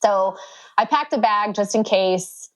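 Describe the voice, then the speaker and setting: A woman in her thirties telling her birth story as a podcast guest, chatty, full of fillers, and acting out what others said with sudden jumps up in pitch. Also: unhurried, low-quality recording. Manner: acts out quoted dialogue with sudden high pitch jumps. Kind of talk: casual storytelling.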